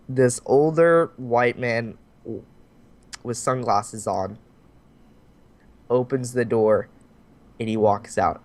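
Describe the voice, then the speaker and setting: A man's voice: mid-range voice, drawn-out words, pauses often. A young man casually telling a story on a podcast, acting out the voices of the people in it and swearing freely. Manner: animated, acts out voices in his stories, swears freely. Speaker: podcast host.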